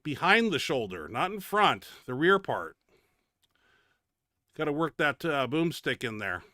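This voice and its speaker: Man, show host, casual gym commentary, blunt, profane, fairly high voice, crisp, dry close sound. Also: sing-song, unhurried, bright, forceful tone, dry recording. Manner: blunt and profane, grumbling about his own setback. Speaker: host of a bench press training show. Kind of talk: casual commentary over gym training footage.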